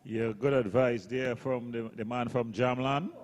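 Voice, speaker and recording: A man's voice: mid-range voice, steady tone, measured pace. A man giving chatty live colour commentary on a cricket match, analysing the game.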